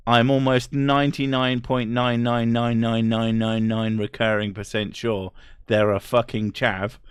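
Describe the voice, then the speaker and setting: A young man hosts a casual stream chat, his talk peppered with swearing and laughter. His voice sits mid-pitch and the sound is dry and close. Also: clean tone, dry recording.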